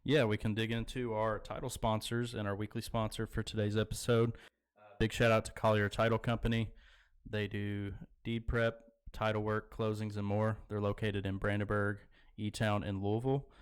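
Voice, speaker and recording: Man, podcast co-host, relaxed, low clean voice. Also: moderate pace, clean tone. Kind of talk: casual chat.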